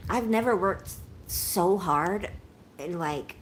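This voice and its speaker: A woman's voice: lowish voice, slow pace, slight background noise. A woman in her forties chatting casually with viewers on a livestream, shaky and unwell, talking in an emotional, rambling way and thanking them often. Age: 40s.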